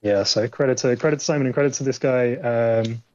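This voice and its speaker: A man talking casually as a game developer guest, rambling along with frequent fillers. His voice is mid-pitched and dry. The sound is dull and lo-fi. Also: fairly quick, darkish tone, no room sound. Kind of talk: casual podcast chat.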